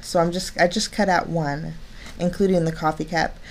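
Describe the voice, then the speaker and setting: A woman's voice: lowish voice, steady tone, normal speed, darkish tone, a little hiss or hum. A woman narrating a card-making tutorial, chatty and step-by-step, delighted with her work.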